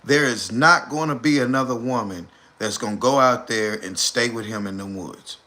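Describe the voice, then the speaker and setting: A man's voice: medium pitch, normal speed, bright, forceful tone. A man talking casually on a live stream. He comments animatedly and repeats points for emphasis.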